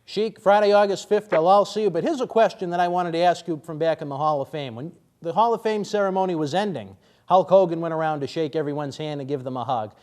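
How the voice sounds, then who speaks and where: A man hosts a radio interview in a fairly high voice. He lays out each recap with dramatic build before putting his question to the guest. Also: quick pace, a little mellow.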